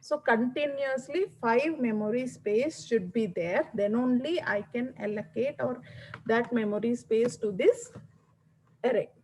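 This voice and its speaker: A woman's voice: a little high, unhurried, darkish tone, a little hiss or hum, rough recording. A woman giving a classroom lecture, explaining step by step and often checking that students follow.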